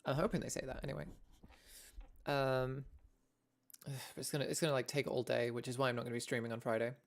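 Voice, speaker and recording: A woman's voice: rumbling low, little pitch movement, fast, creaky. A young English woman streaming a casual chat, rambling and self-deprecating, laughing often as she talks to her viewers. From England.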